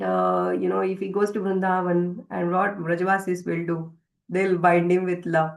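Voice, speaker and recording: Woman giving a scripture class, slow and halting, lots of uh and you know, bit of fry in the voice. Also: on the low side, rough recording. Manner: hesitant, many fillers and restarts. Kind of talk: devotional scripture class, retelling a story.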